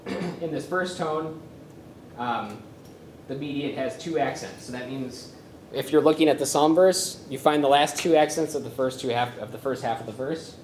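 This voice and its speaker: A man presenting a workshop on chanting psalms, speaking haltingly with many fillers and humming melodies to show them. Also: medium pitch, slight background noise. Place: conference room with a live audience. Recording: roomy echo from a lecture space.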